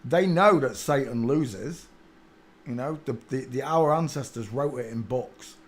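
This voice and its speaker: A man's voice: medium pitch, a little mellow. A man delivering an insistent, preachy ranting monologue to his channel. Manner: preachy, insistent, with filler hesitations. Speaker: channel host.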